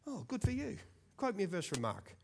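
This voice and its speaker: A man in his fifties with an Australian accent preaching a sermon in a church, lively and joking, often repeating words for emphasis. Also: high-pitched, a little fast, gravelly, slight background noise. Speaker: pastor.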